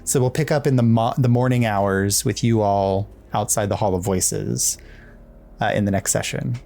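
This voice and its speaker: A game master talking casually with players about their characters, pausing often with fillers and restarts. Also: mid-range voice, fairly even intonation, vocal fry, dark tone, soft background music. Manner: halting, with many fillers and restarts. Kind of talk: casual out-of-game planning talk.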